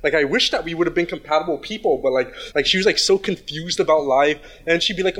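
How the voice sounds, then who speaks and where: Guy rambling thru a crude story, lots of likes and restarts, kinda high voice. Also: fast talker, few pauses, a bit bright. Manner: rambling, many fillers and restarts; crude, blunt. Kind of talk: casual storytelling chat.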